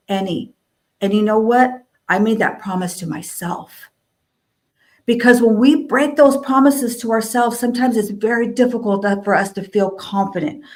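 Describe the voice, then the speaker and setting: A woman speaking on a video call panel, giving a motivational talk and repeating lines for emphasis. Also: medium pitch.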